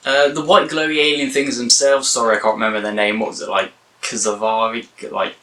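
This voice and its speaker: A man's voice: mid-range voice, level tone, fairly quick, bright, forceful tone, far from the mic, low-quality recording. A young man giving a casual, rambling spoken review, often correcting himself. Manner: rambling, self-correcting, chatty. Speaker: video reviewer.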